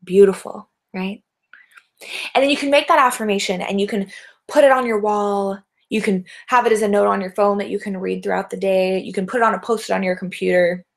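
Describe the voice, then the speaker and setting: A middle-aged woman with a touch of fry in her voice leads a talk on leadership, speaking to a camera on her own. She encourages her listeners and keeps asking them questions, often checking in with a quick "right?". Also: medium pitch. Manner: encouraging, asks many rhetorical questions with tag "right?". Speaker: life coach. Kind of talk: talking to camera in a webinar.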